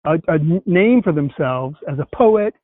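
Upbeat male host, higher voice, thin phone-like call audio. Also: normal speed, no room sound. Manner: enthusiastic, animated storytelling. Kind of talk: casual conversation. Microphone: video call. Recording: tinny call audio, dry.

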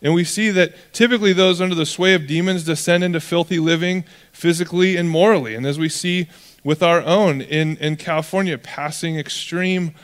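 A man preaching from a church stage, his voice sitting a bit higher than most men's. He tells stories casually and slips into voices for the people in them. His words ring out with a long reverb through a large hall. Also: steady tone, brisk. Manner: conversational storytelling, acting out quoted voices. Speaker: pastor. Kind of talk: sermon.

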